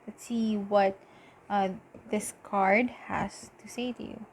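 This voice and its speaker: A woman giving a casual tarot reading, talking in halting bursts with lots of fillers and giddy laughter. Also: mid-range voice, steady tone, slight background noise. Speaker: tarot reader.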